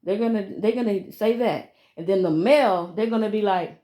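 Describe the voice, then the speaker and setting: A woman's voice: medium pitch, normal speed, mellow. A woman, venting emphatically to a phone camera in a casual vlog and repeating herself. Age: 30s. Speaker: vlogger.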